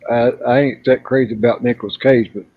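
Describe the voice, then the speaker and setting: Husky man with dull, dry audio. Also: mid-range voice, steady tone, no room sound. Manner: halting, repeats words. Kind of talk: casual group chat.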